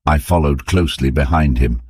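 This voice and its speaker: A man with a very deep, husky voice reading a story aloud in a clear, even way. The sound is dry and close, with no room around it. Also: brisk, no room sound. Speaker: narrator. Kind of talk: audiobook narration for English learners.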